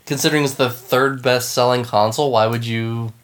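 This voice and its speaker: A man's voice: mid-range voice, steady tone, brisk, a little hiss or hum. A man co-hosting a casual podcast chat, laid-back, swearing casually and trailing off into restarts. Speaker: podcast co-host.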